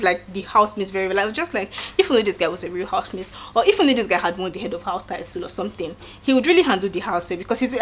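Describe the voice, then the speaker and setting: A woman with a Nigerian accent giving a casual recap, acting out quotes in an animated way and adding preachy asides. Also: medium pitch. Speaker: show recap host. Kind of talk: casual reality-show recap.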